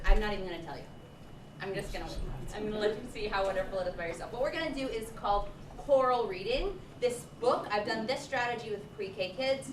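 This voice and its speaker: A woman presenting a hands-on workshop to early childhood teachers, lively and encouraging, often saying um. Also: fairly high pitch, quick pace, crowd noise. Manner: lively, encouraging, with frequent ums. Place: large room with a group. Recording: echoey, distant, noisy room recording.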